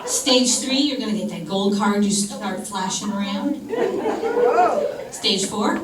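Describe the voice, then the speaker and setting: A woman tells a dark, funny story on a comedy club stage in a casual, blunt way. Her voice is caught from a distance, and it echoes around the room over a clear hum of ambient noise. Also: mid-range voice, slow pace, over a noisy crowd. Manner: conversational storytelling, dark humor, blunt swearing. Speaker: stand-up comedian. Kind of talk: stand-up comedy set. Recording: roomy club sound from far off with audience noise.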